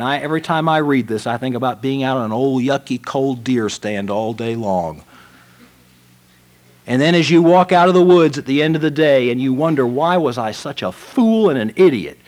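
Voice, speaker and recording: A man's voice: medium pitch, lively intonation, moderate pace. Preacher man telling a story with drama. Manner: dramatic storytelling, swings from loud to hushed. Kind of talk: sermon.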